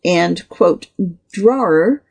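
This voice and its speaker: A reader reading a scholarly article aloud, saying the quote marks and punctuation out loud. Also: medium pitch, lively intonation, very slow, vocal fry.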